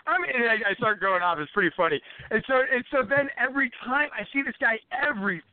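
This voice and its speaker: A man with a high voice rattles off a profane, rambling story at a quick clip. The sound is tinny and phone-like, with a dry, close room. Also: no room sound. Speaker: podcast guest, fighter. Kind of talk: casual storytelling.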